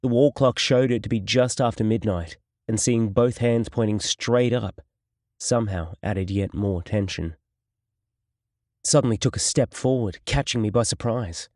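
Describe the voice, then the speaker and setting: A man narrating an audiobook in the first person, with steady, measured storytelling. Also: lowish voice, no echo, studio quality.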